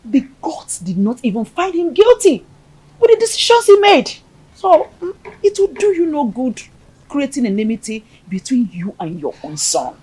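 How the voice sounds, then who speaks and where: An actress playing a wise royal mother who counsels her son and the king calmly and persuasively, heard in a very echoey room from far off. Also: sits high, normal speed.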